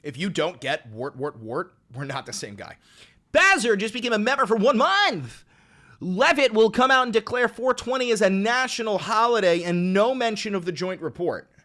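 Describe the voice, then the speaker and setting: A man live-streaming and reacting to his chat, excitable and profane, bursting into shouts and repeating words in rapid strings. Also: sits high.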